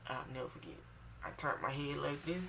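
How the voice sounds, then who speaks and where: A woman telling a personal story for her vlog, animated and emphatic, swinging between loud outbursts and hushed asides. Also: rumbling low, a little fast, creaky, recorded from a distance, a little hiss or hum. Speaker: vlogger.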